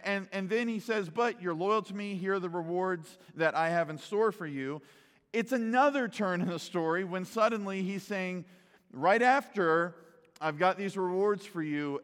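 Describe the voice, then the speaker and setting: Male pastor, conversational teaching sermon, slightly higher voice, long hall reverb. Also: fairly bright tone. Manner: conversational, often asks "right?", repeats words as he starts sentences.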